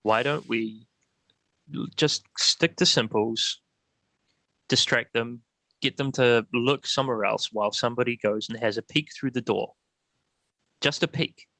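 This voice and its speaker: A man's voice: mid-range voice, pushed and bright, dry recording, poor audio. A man playing a tabletop game in character, cautiously questioning the group's plans. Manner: skeptical, cautious, measured. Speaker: player.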